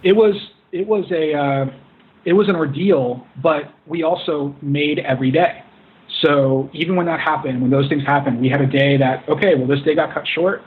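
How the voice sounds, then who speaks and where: A man's voice: a little high, normal speed. A man, a film director, talking in an earnest, rambling way with many restarts as an interview guest. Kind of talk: casual interview. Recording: tinny phone-like line.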